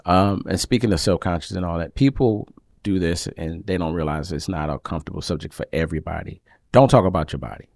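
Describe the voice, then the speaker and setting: Male podcast co-host, low and gravelly, lively and playful, dry close mic. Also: fast talker, no echo. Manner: animated, playful, acts out little scenes. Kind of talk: casual chat.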